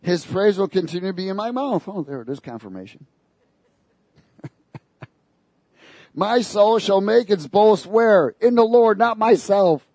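Preaching a sermon, this man sounds animated and sarcastic, chuckling briefly between his points. He speaks unhurriedly with long pauses, his voice pitched fairly high for a man, and the close, dry sound carries no echo or room.

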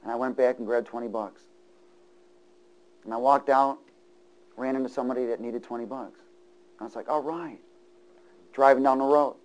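A middle-aged male preacher giving a sermon, swinging between loud, fervent passages and hushed, near-whispered lines. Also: medium pitch, fairly even intonation, moderate pace, long pauses, poor audio.

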